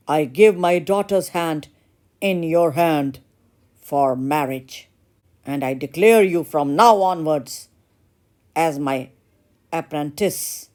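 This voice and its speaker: Teacher putting on a loud old painter guy, proud and excitable, shouting and fussing. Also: on the low side.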